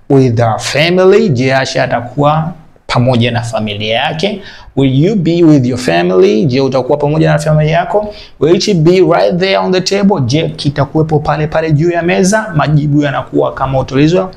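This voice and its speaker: Gravelly man teaching English. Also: on the high side, a little mellow. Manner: repeats example sentences slowly, then translates quickly. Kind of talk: bilingual language lesson.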